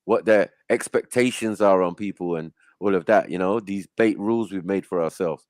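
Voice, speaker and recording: A man hosting a panel, arguing his side in a laid-back, low-key manner full of street slang. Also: moderate pace, darkish tone, no room sound. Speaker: panel host. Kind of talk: heated casual debate.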